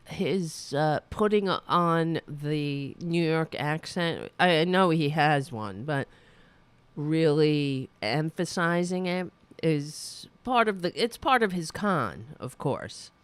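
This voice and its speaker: A woman's voice: deep voice, animated, takes it slowly, clear, resonant tone, no echo. A woman hosting a solo political commentary show, rambling and ranting with indignation. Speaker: podcast host.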